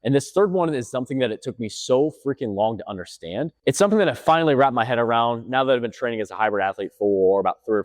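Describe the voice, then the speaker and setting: Male fitness coach, quick energetic delivery, dry close mic, emphatic. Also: mid-range voice, no echo. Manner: energetic, repeats points for emphasis. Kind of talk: casual talk to camera. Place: gym.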